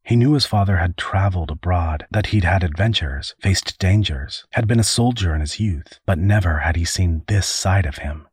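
Deep husky male audiobook narrator. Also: moderate pace, few pauses, no room sound, clean studio sound. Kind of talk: scripted narration.

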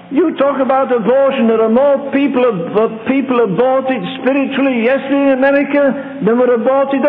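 An older man preaching a fervent sermon, pleading with the congregation and telling stories. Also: extremely high pitch. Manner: fervent, pleading, tells anecdotes with put-on voices. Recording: tinny old tape in a large hall with hum.

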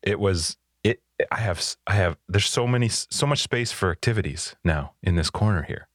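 Deep-voiced man chatting upbeat. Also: lively intonation, a little fast, no echo, studio quality. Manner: upbeat, rambling, with restarts. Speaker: podcast co-host. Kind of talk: casual chat. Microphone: studio headset.

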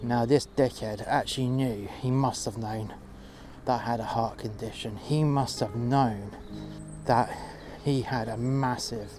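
Outdoors in freezing cold, a West London man with a London accent tells his own revenge story in a profane, menacing first-person monologue over music. His mid-range voice is steady and a little slow.

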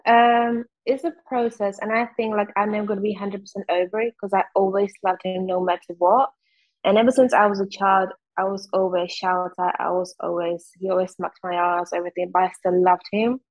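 A woman's voice: mid-range voice, little pitch movement, poor audio. Woman with a Czech accent, candid. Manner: candid, fast, heavy use of "like". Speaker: guest. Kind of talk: casual interview chat.

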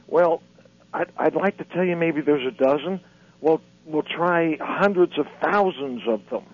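A man speaking as an author and lecturer guest on a radio interview, halting and repeating words as he tells his story. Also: a little high. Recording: dull lo-fi radio audio.

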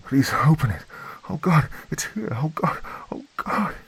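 Horror story: a man doing a frantic woman outside the door, high and trembling, begging. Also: sing-song, measured pace, creaky, a bit bright, slightly rough, dry recording, whispered, heavily acted. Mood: desperate pleading. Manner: high, trembling, desperate pleading. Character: terrified pleading young woman at the door.

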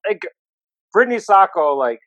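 A man's voice: high-pitched, normal speed, no room sound, lo-fi sound. A man co-hosting a casual podcast chat, telling stories with jokes and quoted voices. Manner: joking, animated storytelling. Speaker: podcast co-host. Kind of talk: casual chat among friends.

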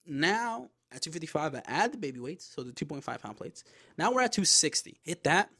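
A young man hosting a podcast, telling a casual story with a lot of swearing and animated bursts. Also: on the high side, a little fast, creaky, breathy edge. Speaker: podcast host.

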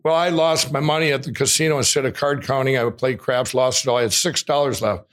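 An excitable man telling a rambling personal story as an interview guest, often laughing while he talks. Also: medium pitch, fast talker. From Minnesota. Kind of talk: animated storytelling.

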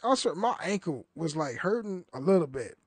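A man's voice: fairly high pitch, very animated, moderate pace, slightly rough, dry recording. A young man hosting a solo podcast, rambling and swearing in casual talk, laughing often and restarting his sentences. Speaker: podcast host.

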